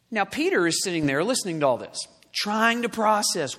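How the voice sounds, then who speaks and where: A man preaching a sermon as pastor, emphatic, slowing down hard on key words. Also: high voice, sing-song, a bit bright. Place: church sanctuary. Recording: long hall reverb.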